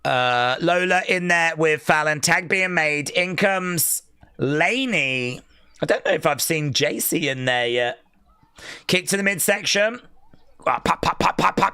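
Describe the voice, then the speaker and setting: A man giving excitable, jokey play-by-play on a live wrestling watch-along and reading viewer comments aloud. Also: high voice, clear, resonant tone, dry recording.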